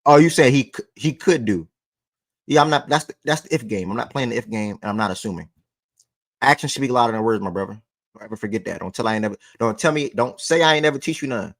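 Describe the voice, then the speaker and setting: A man in his twenties hosting a casual sports talk show, animated, swearing and talking straight to viewers. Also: medium pitch, fast talker, no room sound, clean studio sound. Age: 20s.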